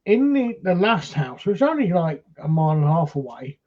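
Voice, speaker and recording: A man's voice: fairly high pitch, sing-song, fairly quick, highs cut off. A man, a paranormal investigator, telling a rambling first-hand story on a live stream, full of fillers and restarts.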